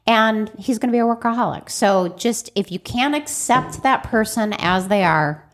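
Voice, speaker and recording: A middle-aged woman co-hosting a podcast, telling stories in a lively, blunt way and swearing freely. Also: a little high, normal speed. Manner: animated storyteller who swears freely. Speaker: podcast co-host and life coach. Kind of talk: casual chat.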